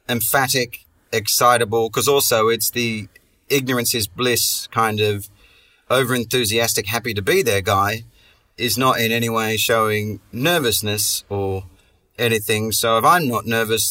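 A man's voice: on the low side, bright, forceful tone, distant mic. A man hosting a comedy podcast, telling a long story in a rambling, sweary way and restarting his sentences often. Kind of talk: casual comic storytelling.

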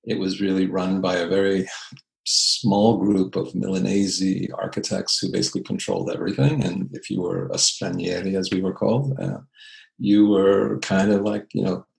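A man's voice: sits low, level tone, moderate pace, gravelly, rough recording. A man from Canada, an architect and designer, reflecting on his career in an interview, thoughtful and full of fillers and restarts.

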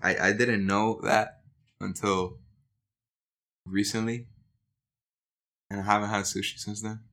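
Bright-voiced young man telling a story. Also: lowish voice, a little slow. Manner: earnest, excitable storyteller. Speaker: podcast co-host. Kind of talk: casual storytelling chat.

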